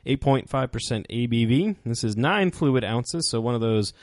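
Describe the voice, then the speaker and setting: Male co-host, easygoing and halting, lots of ums, dry mic. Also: medium pitch, animated, a little mellow, no room sound. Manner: rambling, hesitant with many fillers. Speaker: podcast co-host. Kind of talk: casual podcast chat.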